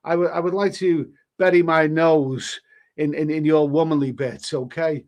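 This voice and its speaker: A man's voice: a little high, moderate pace, darkish tone. A middle-aged man hosting a casual live stream, sniffling with hay fever, blunt and crude, swearing freely and stammering as he reads viewer comments. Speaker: YouTube host reading live chat.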